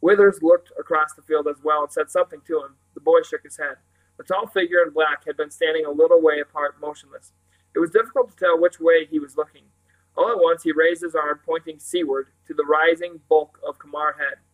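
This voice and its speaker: A man with a fairly high voice reads a novel aloud in a measured, expressive storytelling manner. He carries the narration steadily from scene to scene. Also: poor audio. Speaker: audiobook reader.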